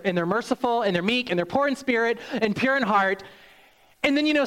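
A man preaching a sermon, acting out hyped quotes and then dropping low and soft for the serious points. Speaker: pastor.

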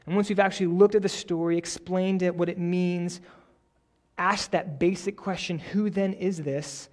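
A young adult male pastor who prays quietly, then preaches a story-driven sermon with building energy. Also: sits high, moderate pace. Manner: prays softly, then preaches with rising energy and animated stories.

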